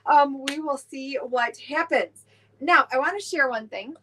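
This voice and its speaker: A woman's voice: high-pitched, unhurried, pushed and bright, a little hiss or hum. A middle-aged woman, chatting on a live stream, rambling with many fillers and restarts as she greets viewers. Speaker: direct seller hosting a weekly live stream.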